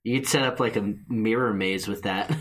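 A man's voice: lowish voice, moderate pace, fairly bright tone. A young man on a comedy podcast asking curious follow-up questions about a joke product. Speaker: podcast co-host. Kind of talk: casual comedy chat.

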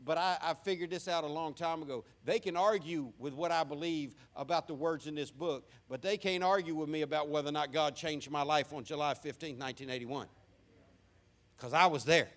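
A man in his fifties preaches with a Southern American accent. His voice sits a touch high for a man, and he tells his story in a folksy, joking way. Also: a little fast, fairly bright tone. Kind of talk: sermon.

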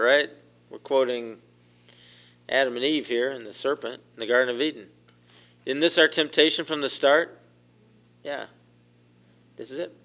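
Male pastor, bright tone, chatty sermon style with questions to the room. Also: on the high side, clear, resonant tone. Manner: conversational, asks the congregation questions and laughs.

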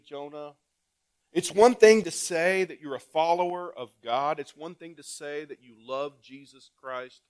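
Here a male pastor preaches, reading passages of scripture and posing rhetorical questions to his listeners. His delivery shifts from forceful, loud exhortations to soft asides, in a voice that sits slightly high.

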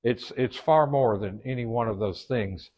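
A man's voice: mid-range voice, moderate pace, a little mellow, highs cut off. A man with a Southern US accent teaching a church leadership class in a folksy way, with joking asides and frequent restarts. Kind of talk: informal church class lecture.

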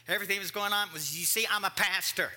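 A middle-aged man preaching from the pulpit, his voice very bright and forceful and pitched a touch high. He tells a personal story in an animated way, acting out the voices of the people in it. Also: fast. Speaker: pastor.

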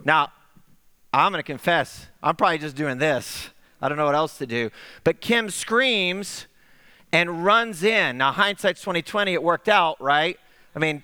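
Bright-voiced pastor telling a story. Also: male voice, fairly high pitch, clear, resonant tone. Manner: animated storyteller, acts out quoted voices. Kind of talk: sermon storytelling. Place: church sanctuary. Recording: echoey sanctuary with long reverb.

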